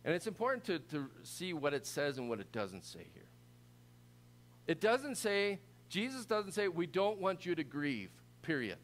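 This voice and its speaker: A middle-aged man preaching a sermon in a conversational, animated way with frequent restarts. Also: on the high side, moderate pace. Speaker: pastor.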